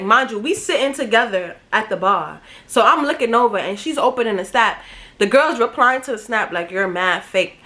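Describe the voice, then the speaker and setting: Bright-voiced young woman telling a story. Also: a little high. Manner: animated, slangy, acts out quoted voices. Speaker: vlogger. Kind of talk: casual storytime.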